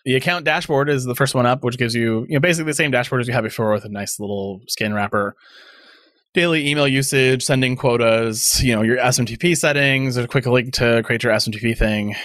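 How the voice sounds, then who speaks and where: A man's voice: medium pitch, fairly quick, fairly bright tone, no room sound, studio quality. A man co-hosting a casual tech podcast, sarcastic and rambling as he thinks aloud. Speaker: podcast co-host.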